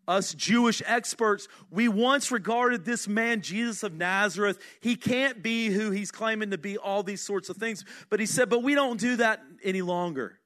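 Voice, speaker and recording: A middle-aged male pastor delivers a sermon in a bright, fairly high voice. He talks to the congregation in an earnest, conversational way, full of rhetorical questions, and drops low and quiet when he wants to press a point home. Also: normal speed, hardly any pauses. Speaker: senior pastor.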